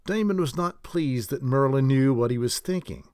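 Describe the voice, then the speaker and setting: Expressive male audiobook narrator. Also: medium pitch, moderate pace, clean tone, no room sound, studio quality. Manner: expressive storytelling.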